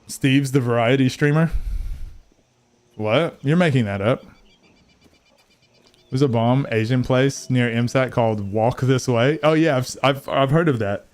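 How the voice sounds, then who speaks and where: A man's voice: medium pitch, unhurried, pauses often, a little mellow. Young guy streamer, rambling and swearing, tired late-night banter with chat. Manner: rambling, joking, swears freely, reacts to chat. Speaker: gaming streamer. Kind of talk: casual live-stream chat.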